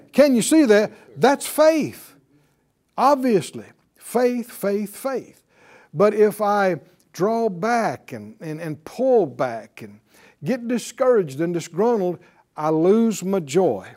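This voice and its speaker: Guy preaching a sermon, voice up high and bouncy, laughs at his own jokes. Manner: lively, laughing asides, quotes scripture, acts out little dialogues.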